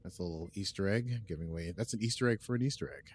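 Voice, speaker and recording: A man hosting a podcast and recapping an episode in casual chat, rambling with lots of fillers and slipping into quick quoted asides. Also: lowish voice. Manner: rambling, with frequent fillers and restarts; plays out characters' lines in quick quoted asides. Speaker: podcast host.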